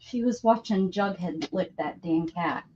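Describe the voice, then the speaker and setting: Her lowish, mellow voice comes at a measured pace over dull lo-fi stream audio with a little hiss or hum. She's a woman hosting a craft livestream, chatting casually while she crafts, laughing often and greeting viewers by name.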